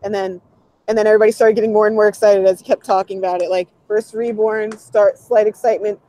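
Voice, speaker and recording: A woman's voice: mid-range voice, quick pace, poor audio. A woman recapping a concert in a casual chat, telling it animatedly with lots of "like". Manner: animated storytelling with quoted voices, frequent "like". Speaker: convention reporter.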